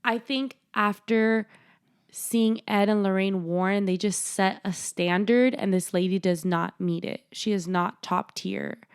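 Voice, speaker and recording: A woman's voice: mid-range voice, unhurried, smooth. A young woman co-hosting a podcast, casually recapping a horror film and acting out the characters' lines. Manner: animated retelling with acted-out quotes. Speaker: podcast co-host. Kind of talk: casual movie recap chat.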